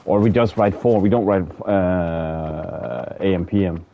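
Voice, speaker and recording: This streamer's voice is low and gravelly, his pace measured, as he plays a game and casually talks with viewers, rambling, repeating words and often laughing. He's from a country that uses military time, and the recording has a dull, lo-fi quality.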